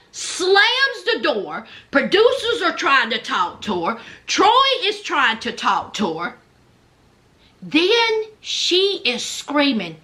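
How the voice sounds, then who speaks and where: A woman giving a sassy, expressive recap of a reality TV show, drawing out her words. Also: high-pitched. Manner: expressive, sassy, drawn-out delivery. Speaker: reality TV commentator.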